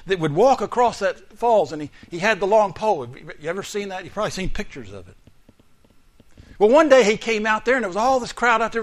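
A male pastor preaching a sermon, moving between loud declarations and quiet, hushed asides. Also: sits high.

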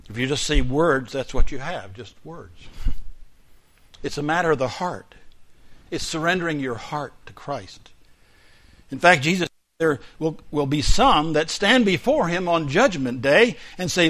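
Man preaching with loud-to-hushed swings. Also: a little high, expressive, a little slow. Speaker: pastor. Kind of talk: sermon.

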